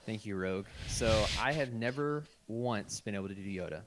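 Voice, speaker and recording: Guy hosting a podcast, lowish voice, chill chat, laughs a lot. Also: normal speed, crowd noise. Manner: hosts the segment, reads out voicemails and laughs easily. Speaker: podcast host. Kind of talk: casual chat.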